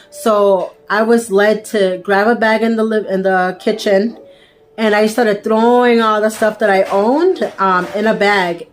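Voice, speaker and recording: A young woman telling a personal faith testimony in a casual, storytelling way, tossing in frequent "right?" asides and fillers. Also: medium pitch. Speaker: vlogger sharing a faith testimony.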